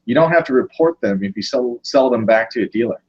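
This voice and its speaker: A man hosting a casual video call, talking through his points with restarts and pauses. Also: mid-range voice, animated, slightly rough, lo-fi sound. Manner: thinks aloud with restarts. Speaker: host. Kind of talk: casual chat.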